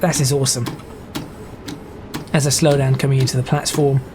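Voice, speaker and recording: A chatty man commentating over a train game, stopping and restarting his sentences as he goes. His voice sits mid-range, with a steady rumble of train noise underneath. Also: moderate pace. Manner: chatty, stop-start, self-correcting. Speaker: gaming video host. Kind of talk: casual gameplay commentary. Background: train sim game noise.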